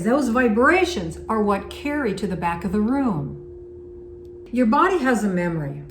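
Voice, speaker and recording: Her voice medium in pitch and darkish in tone, a woman gives an encouraging, conversational singing lesson and stops to demonstrate sung vowels. Faint background noise sits under the room's echo.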